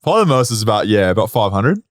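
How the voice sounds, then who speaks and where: A man's voice: lowish voice, sing-song, no room sound, studio quality. A man hosting a podcast, jokey and playful in casual chat. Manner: jokey, playful, quick to laugh. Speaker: podcast host.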